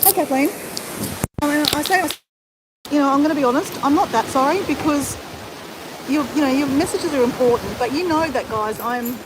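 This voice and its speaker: A woman's voice: high-pitched, normal speed, long pauses. A woman with an Australian accent chatting casually to a live-stream audience as she walks along a beach. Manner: chatty, talking while walking on a beach. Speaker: vlogger. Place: beach at high tide, outdoors. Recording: noisy outdoor phone audio. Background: wind and surf.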